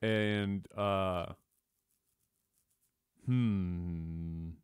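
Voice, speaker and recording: A man co-hosting a podcast, trading crude, profane banter that gets loud and animated when he's excited. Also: sits low, extremely slow, clear, resonant tone, no room sound, studio quality. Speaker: podcast co-host.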